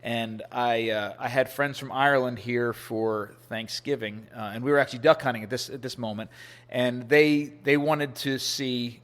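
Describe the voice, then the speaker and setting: Male podcast guest, animated storyteller, voices quotes up high. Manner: animated storyteller, acts out quotes with rising pitch. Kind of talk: casual storytelling interview.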